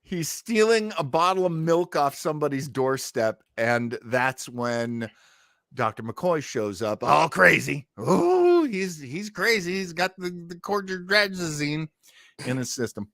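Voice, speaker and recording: Brief: bright, lively-voiced man co-hosting a chatty review podcast, acting out bits as he retells. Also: fairly high pitch, measured pace, no echo, clean studio sound. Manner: animated, retells scenes with acted-out quotes. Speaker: podcast co-host. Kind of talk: casual episode review chat.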